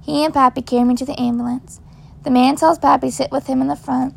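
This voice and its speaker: A woman reading a first-person story in a child's voice, gentle and measured. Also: high voice, fairly even intonation, creaky, husky. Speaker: narrator.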